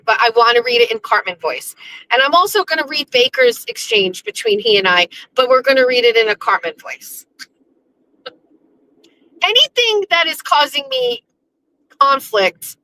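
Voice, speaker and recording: A woman's voice: high voice, sharp tone, a little hiss or hum, low-quality recording. A woman hosting a casual livestream from her car while driving, chatting in a rambling way with restarts and laughs. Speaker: livestream host. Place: in a car on the road.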